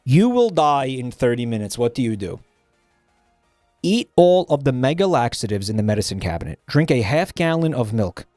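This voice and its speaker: A man's voice: medium pitch, very animated, moderate pace, a little mellow, dry recording, clean studio sound, faint music behind. A man streaming live and chatting casually, joking around and swearing freely.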